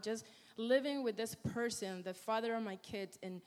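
A woman's voice: a little high, normal speed, a little mellow. Woman, earnest testimony, searching for words, long echo of a hall. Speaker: wife sharing a testimony. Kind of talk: personal testimony. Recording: echoey hall with long reverb.

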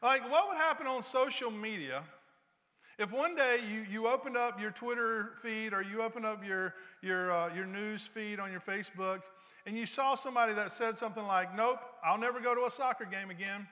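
High, bright-voiced pastor joking through a sermon. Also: male voice, normal speed, big-room sound. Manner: joking storyteller, playful sarcasm. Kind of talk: conversational sermon.

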